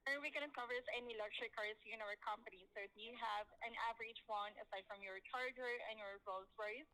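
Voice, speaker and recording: A woman's voice: on the high side, steady tone, fast, pushed and bright, poor audio. A woman telemarketer making a polite, scripted sales call over the phone.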